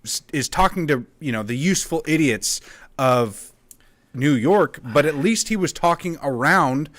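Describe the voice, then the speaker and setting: A man's voice: fairly high pitch, animated, measured pace, fairly bright tone. A man co-hosting a casual podcast, talking steadily and firmly about his views, with short laughs. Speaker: podcast co-host. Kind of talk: casual political podcast chat.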